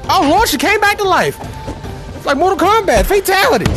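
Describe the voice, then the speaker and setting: A man giving live commentary while playing a VR fighting game. He trash-talks his opponent, lets out loud whoops and makes chatty asides to viewers. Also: very high voice, big pitch swings, moderate pace, pauses often, music in the background.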